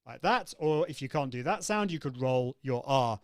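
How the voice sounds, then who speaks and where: A man's voice: mid-range voice, lively intonation, normal speed, smooth, no room sound, studio quality. A man hosting a live online coaching session, upbeat and demonstrative, acting out vocal exercises as he explains them. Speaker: host.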